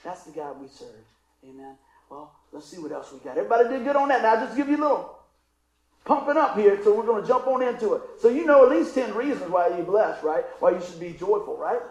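A man's voice: sits high, expressive, quick pace, roomy sound, rough recording. A middle-aged man preaching a sermon, telling a funny story and calling for responses from the congregation. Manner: folksy, call-and-response, acts out story voices. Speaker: pastor.

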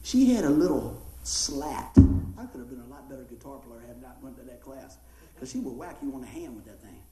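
A man preaching a sermon, folksy and animated, telling stories and acting out voices. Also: mid-range voice, brisk, echoey room, low-quality recording. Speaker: pastor. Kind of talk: sermon with storytelling.

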